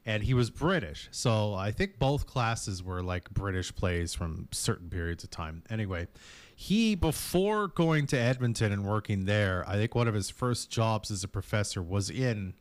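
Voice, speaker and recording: A male morning radio host with a lowish voice that swings widely as he tells a story. He chats casually and animatedly. The studio mic sound is close and dry. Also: animated, moderate pace, no room sound. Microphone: studio microphone.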